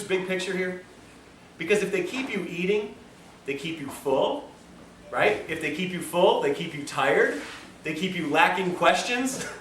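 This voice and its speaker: Male lecturer, high and bright, jokey storyteller; echoey room, distant mic, faint ambience. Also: slight background noise. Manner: chatty, joking, self-mocking asides. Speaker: lecturer at a health institute. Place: lecture room at a health institute.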